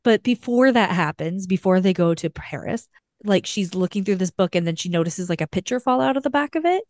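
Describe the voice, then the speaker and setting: A woman's voice: medium pitch, expressive, a little fast, darkish tone, no room sound, studio quality. A woman co-hosting a podcast, recapping a book in a rambling, casual way full of "like". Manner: rambling, heavy use of "like". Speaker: podcast co-host.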